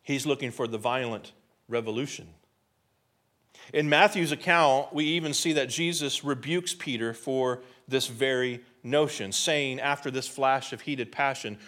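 A man's voice: medium pitch, animated, unhurried, fairly bright tone. A man preaching a sermon in an emphatic, conversational way, often putting rhetorical questions to his listeners. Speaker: pastor.

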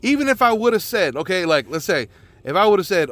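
A man hosts his own podcast alone and talks loosely, piling up curse words and filler as he restarts his sentences. His voice sits a touch higher than most men's. It comes across as an unscripted, off-the-cuff monologue. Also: very animated, fast, fairly bright tone. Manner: rambling and profane, with many restarts and filler words. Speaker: podcast host. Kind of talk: casual solo podcast monologue.

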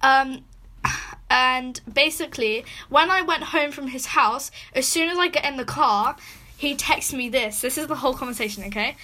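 Bright high-pitched teenage girl. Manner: fast, animated storytelling. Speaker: podcast host. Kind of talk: casual chat, reading out texts.

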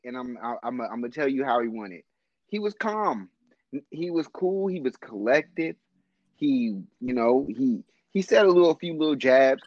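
A man's voice: a little high, no room sound, highs cut off. A man co-hosting a casual podcast chat, swearing freely and laughing often. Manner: profane, laughs often, animated. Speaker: podcast co-host.

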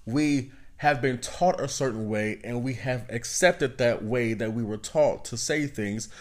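A man's voice: mid-range voice, measured pace. A man hosting a self-help podcast, talking casually and repeating his points with frequent "you know what I mean?" asides. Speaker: podcast host.

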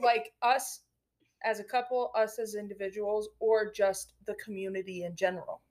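A woman's voice: medium pitch, fairly even intonation, moderate pace, darkish tone. Young woman cohost, plain mid voice, straight to the point. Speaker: podcast co-host. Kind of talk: casual podcast chat.

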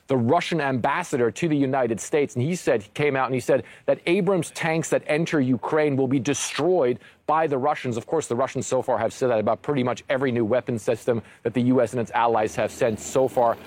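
A man reporting live as a foreign correspondent, brisk with occasional fillers. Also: mid-range voice, darkish tone, dry recording.

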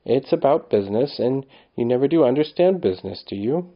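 A man voicing a worried, loving mother in a storybook reading, speaking low, soft and tender. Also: animated, a little fast, lo-fi sound. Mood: firm.

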